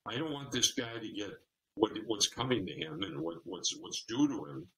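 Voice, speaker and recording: A man's voice: lowish voice, big pitch swings, moderate pace, fairly bright tone, a little hiss or hum, poor audio. A man voicing a tearful woman pleading to be held. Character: distraught adult woman pleading for comfort.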